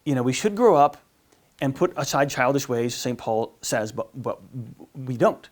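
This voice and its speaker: A priest giving a casual teaching talk on marriage, often stumbling over and repeating words and acting out little exchanges. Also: male voice, medium pitch, expressive, moderate pace. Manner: conversational, repeats words, acts out quotes.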